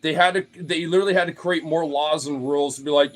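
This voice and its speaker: A man's voice: on the high side, brisk, few pauses. A man streaming to his followers in a casual, rambling rant, swearing freely, leaning on fillers and often laughing. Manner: profane, loose, filler-heavy with frequent laughs.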